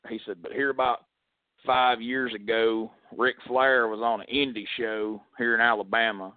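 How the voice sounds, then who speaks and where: A man's voice: fairly low pitch, steady tone, moderate pace, no echo. A man, casually telling a story as a wrestling podcast co-host and acting out the quoted voices. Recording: dry, phone-like audio.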